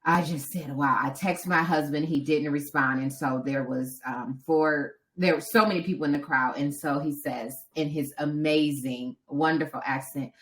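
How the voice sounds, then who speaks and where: A woman co-hosting a podcast, telling a story with animation and acting out what other people said. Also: low-pitched. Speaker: podcast co-host and marathon runner. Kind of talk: casual podcast chat.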